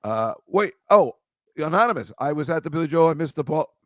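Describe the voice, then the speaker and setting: This live stream host has a high-ish, lively voice and a brisk pace in a dry recording. Reading viewer comments, he chats casually, rambling through a story while cutting himself off and adding jokes on the side.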